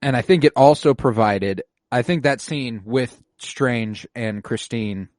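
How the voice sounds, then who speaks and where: Male podcast co-host, casual and laid-back film talk, mid pitch, close dry mic. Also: measured pace, a little mellow, no echo. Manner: laid-back, swearing, acts out characters' lines. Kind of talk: casual movie review chat.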